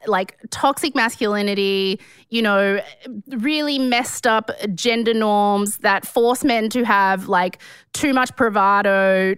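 A woman's voice: fairly high pitch, a bit bright, clear, resonant tone, no echo. A woman with an Australian accent co-hosting a podcast in playful casual chat, laughing often. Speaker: podcast co-host.

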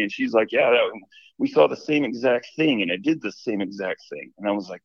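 A man with a lowish voice tells a personal story over the phone, slipping into little re-enactments of every exchange. The line is dull and lo-fi, the sound dry and close. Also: fairly quick, no room sound. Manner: rambling, animated retelling with many "I'm like" quotes. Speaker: caller.

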